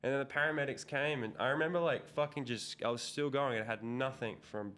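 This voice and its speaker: A man's voice: medium pitch, a little fast, fairly bright tone. Rambling, swearing guy. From Australia. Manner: rambling, heavy swearing, filler-laden. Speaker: guest, pro BMX rider. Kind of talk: casual emotional storytelling.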